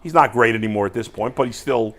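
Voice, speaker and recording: A man hosting a casual sports talk show, animated and quick to restart his phrases. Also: medium pitch.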